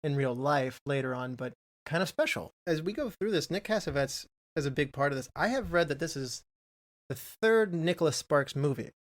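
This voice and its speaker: A man's voice: fairly high pitch, lively intonation, moderate pace. A man co-hosting a film podcast, chatting casually and reading out trivia in a rambling way. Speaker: podcast co-host.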